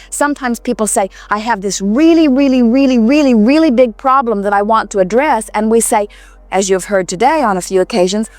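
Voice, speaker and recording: A woman giving an inspirational talk to a live audience, speaking as a collective "we" in a calm, reassuring way with repeated phrases. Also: medium pitch, no echo. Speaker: seminar speaker answering audience questions.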